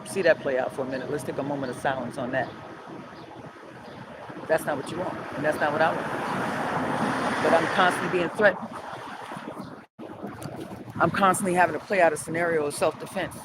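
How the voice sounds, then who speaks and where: A woman's voice: sits low, normal speed, long pauses. A middle-aged woman with a New Orleans accent, ranting profanely and heatedly on a live stream from a city street at dawn, filmed on a phone. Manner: heated, profane, animated storytelling with sing-song chanting. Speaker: street vlogger. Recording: loud outdoor city traffic noise.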